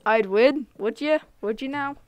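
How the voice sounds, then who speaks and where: A woman streams a game live, laughing often and chatting to her viewers in slangy, excitable bursts. Her voice sits on the higher side and comes across smooth and clear. She talks at an unhurried, drawn-out pace, and the sound is close and dry. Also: no echo. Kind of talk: casual live gameplay commentary.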